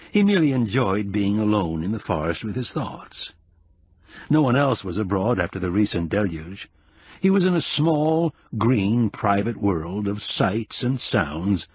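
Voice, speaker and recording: A man narrating an audiobook in a measured, expressive storytelling manner. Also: fairly low pitch, slightly rough, dry recording.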